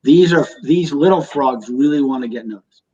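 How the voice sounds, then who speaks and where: A man's voice: medium pitch, normal speed, dark tone. A man in a comedy sketch, giving fussy notes to a group rehearsal. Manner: fussy, explanatory, chimes in. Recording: dull lo-fi sound.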